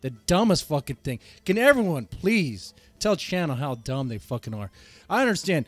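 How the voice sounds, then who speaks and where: Male streamer, crude mocking ranter, slightly high, dry close sound. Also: big pitch swings, moderate pace, no room sound, soft background music. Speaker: streamer host. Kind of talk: casual stream commentary.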